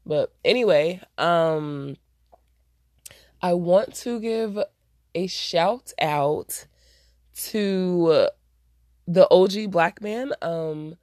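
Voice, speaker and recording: A woman's voice: lowish voice, extremely slow, pauses often, darkish tone, dry recording, studio quality. A woman hosting her own podcast, talking bluntly and profanely in a casual solo rant, with a stuffy nose. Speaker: podcast host.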